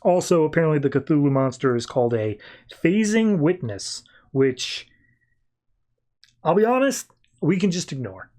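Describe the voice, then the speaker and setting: A man's voice: fairly high pitch, big pitch swings, normal speed, darkish tone. A man hosting a podcast, recapping a comic book in a rambling, informal way with many fillers. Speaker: podcast host.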